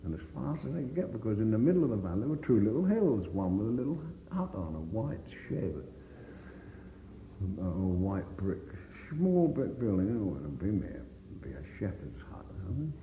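Gravelly older man, blunt and swearing. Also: fairly low pitch, big pitch swings, normal speed, slight background noise. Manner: blunt storyteller, swears constantly. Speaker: veteran interviewee. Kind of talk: oral history recollection. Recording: dull echoey recording in reverberant room.

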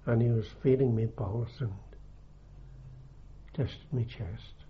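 An older man with a halting, unhurried way of talking, full of ums and restarts, recalling his army days in an oral history interview. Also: medium pitch. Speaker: veteran interviewee. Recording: dull lo-fi archive tape.

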